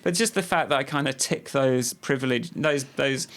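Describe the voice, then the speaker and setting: A man's voice: medium pitch, normal speed, a bit bright. An English man co-hosting a podcast, chatting casually about politics in a thoughtful, rambling way, often restarting his sentences. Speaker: podcast co-host.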